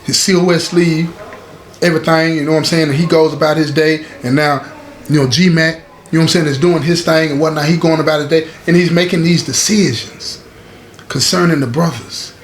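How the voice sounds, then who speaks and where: A man tells a story in a casual yet emphatic way, repeating lines and speaking directly to his listeners as a storytelling host. His voice is a little high, steady, and fairly quick. The recording has roomy echo and faint background hiss.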